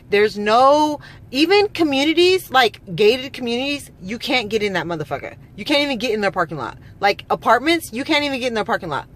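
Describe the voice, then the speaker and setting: A woman's voice: mid-range voice, fairly bright tone. A woman from California, a mother, telling a story in a heated, profane vlog rant, quoting people back and forth. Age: adult mother. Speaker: vlogger.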